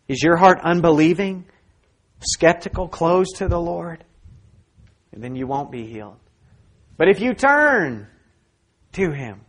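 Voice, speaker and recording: Earnest man preaching, slightly high voice. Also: lively intonation, unhurried. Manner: earnest, emphatic, swings between soft asides and raised exhortation. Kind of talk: sermon with personal story.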